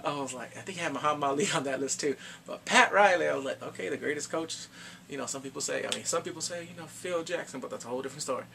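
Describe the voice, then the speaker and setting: A man casually reviewing a TV series in slangy, animated chat, laughing often. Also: fairly high pitch, racing, creaky, hardly any pauses, slight background noise. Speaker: show reviewer.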